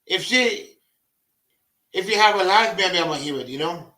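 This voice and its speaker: Man in his forties, high bright voice, slow halting delivery, echoey room; casual livestream co-host. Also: animated. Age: 40s. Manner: halting, broken phrasing with repeated words. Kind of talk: casual chat.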